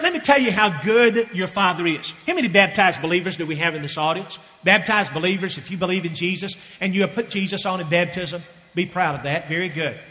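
Impassioned preacher in a reverberant hall. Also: male voice, sits high. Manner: impassioned, repeating phrases, swings from loud to hushed. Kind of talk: sermon.

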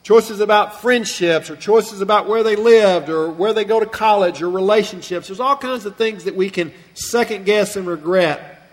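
High-voiced man preaching in a hall. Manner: earnest storytelling, slowing and softening on sad passages. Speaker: pastor. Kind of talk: sermon. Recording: long reverb of a large hall.

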